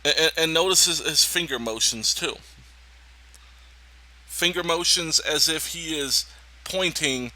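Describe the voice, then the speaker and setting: A man giving indignant, emphatic political reaction commentary on a video clip, pausing to talk over it. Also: fairly high pitch, sharp tone, low-quality recording.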